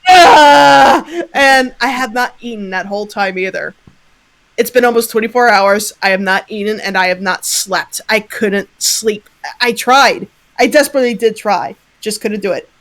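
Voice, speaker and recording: A woman from Texas tells an animated story in a casual livestream chat and laughs often. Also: mid-range voice, moderate pace. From Southern Texas. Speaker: guest.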